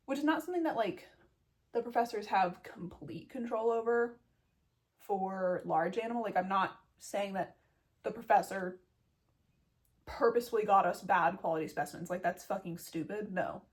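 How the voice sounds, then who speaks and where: A young woman telling a story as a vet student in a casual vlog, blunt, self-mocking and full of swearing. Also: mid-range voice. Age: young adult.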